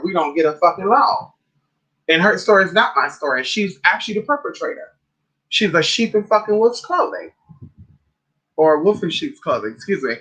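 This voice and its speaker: A woman's voice: medium pitch, pushed and bright, rough recording. A woman hosting a casual livestream, ranting in a sassy, profane, rambling way while eating. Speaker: livestream host.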